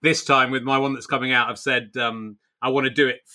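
A man's voice: mid-range voice, fairly even intonation, a little fast, sharp tone. A man hosting a casual podcast chat about a novel, laughing often and restarting his sentences. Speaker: podcast host.

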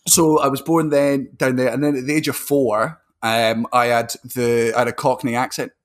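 A young Scottish man, a comedian guest, telling stories in a sweary, animated way during a casual podcast chat. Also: mid-range voice, normal speed. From Scotland.

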